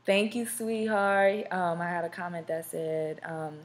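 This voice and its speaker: Young woman from SoCal, live podcast host, slightly low voice, loose rambling chatter full of fillers. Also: a little slow. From Southern California. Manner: rambling, many fillers and restarts; chatty, talks straight to viewers. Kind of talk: casual live-stream chat.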